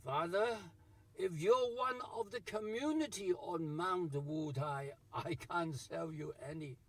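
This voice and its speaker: A man's voice: fairly high pitch, slow, dry recording, distant mic. A man doing a wary village innkeeper. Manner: hesitant and cautious.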